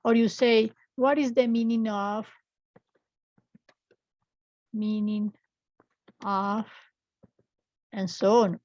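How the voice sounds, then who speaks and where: A woman's voice: a little high, little pitch movement, darkish tone, no echo, dull audio. Patient woman teacher in her fifties. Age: 50s. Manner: slow, patient explaining with repeated examples. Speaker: English teacher. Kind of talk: online English class. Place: at home.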